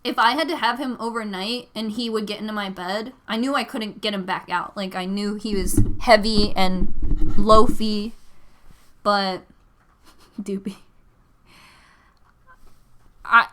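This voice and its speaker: Bright-voiced chatty young woman. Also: mid-range voice, steady tone, moderate pace, slight background noise. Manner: chatty, rambling, frequent "like" fillers. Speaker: livestreaming vlogger. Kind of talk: casual livestream chat while crafting.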